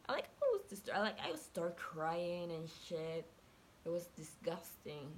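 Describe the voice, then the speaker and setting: A woman's voice: fairly low pitch, unhurried, slight background noise. Young woman, casual profane storyteller, heavy on "like", quotes acted out. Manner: chatty and profane, packed with "like", acts out quotes. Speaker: vlogger.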